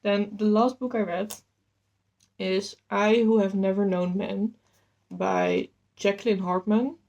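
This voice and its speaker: An eager woman talks casually about her reading, rambling a little and sounding slightly out of breath. Her voice is mellow and warm, at a middle pitch, and her pitch jumps upward when she gets excited. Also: slow, highs cut off. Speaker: book vlogger. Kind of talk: casual chat.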